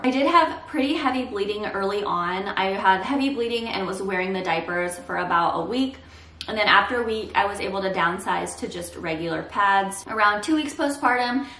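A woman's voice: mid-range voice, a bit bright, recorded from a distance. A young woman talking candidly and reassuringly to camera in a casual vlog. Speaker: vlogger. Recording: roomy echo, a bit off the mic.

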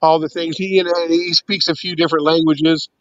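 A man's voice: fairly high pitch, little pitch movement, a little fast, fairly bright tone, no echo, muffled recording. A man in casual, profane banter on a livestream call, rambling with stammering restarts.

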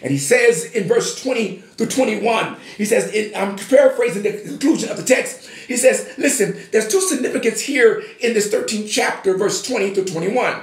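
A man with a high voice preaches a sermon, building from steady declarations into emphatic shouts. His voice carries through an echoey room, as if in a church sanctuary. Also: moderate pace, few pauses. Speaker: pastor.

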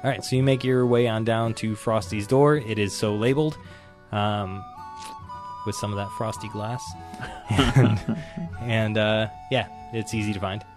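Low-voiced man running a tabletop game. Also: measured pace, music in the background. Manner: laughs often, relaxed. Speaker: game master.

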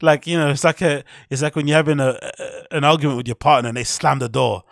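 Gravelly, blunt, heated commentating man. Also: fairly high pitch, quick pace, fairly bright tone, dry recording, studio quality. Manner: blunt, heated, swears a lot. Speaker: commentator reacting to a clip. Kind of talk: casual profane commentary.

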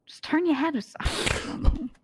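Woman in a game roleplay, tired and fed up, talks kinda quiet. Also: sits high, moderate pace. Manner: exasperated, sleepy, quiet. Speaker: role-play player character. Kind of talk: casual in-game role-play banter.

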